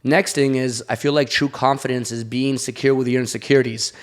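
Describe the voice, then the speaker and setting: A man's voice: mid-range voice, steady tone, brisk. A man talking casually on a podcast, telling candid personal stories in an open, confessional way. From Latin American background. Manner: candid storytelling. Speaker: podcast guest.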